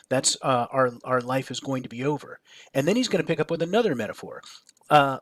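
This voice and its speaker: A man's voice: medium pitch, expressive, moderate pace, a bit bright, no room sound. A male teacher explaining a lesson, hesitant, with many fillers and restarts and frequent checks of "right?". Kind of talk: recorded classroom lecture.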